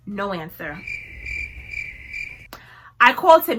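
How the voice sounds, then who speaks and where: A young woman vlogger telling a personal story to camera in a casual, animated way, acting out what she said. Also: medium pitch, measured pace, long pauses, slight background noise. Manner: animated, acts out her own lines with laughs.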